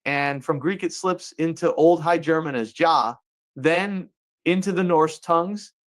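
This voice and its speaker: In a fairly high, unhurried voice, the male host of a comedic monologue show jokes his way through playful asides and puts on folksy voices.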